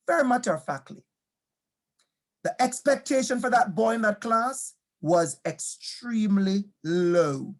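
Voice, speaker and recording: Speaking at a measured pace, a man whose voice sits high and has lively intonation encourages teachers in a motivational talk. He shares personal stories, stresses and repeats key phrases, and questions his audience directly.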